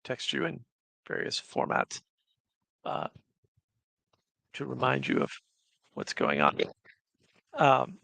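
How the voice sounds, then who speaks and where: A man's voice: medium pitch, big pitch swings, slow pace, creaky, pauses often, pushed and bright, dry recording. A man hosting a casual livestream, chatting and reading viewer comments aloud. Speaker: livestream host.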